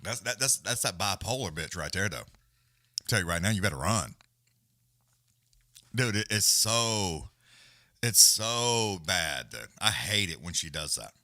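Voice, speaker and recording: Animated, profane male live-streamer. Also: deep voice, a little slow, long pauses, dry recording, studio quality. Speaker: livestream host. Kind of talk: casual live-stream chat.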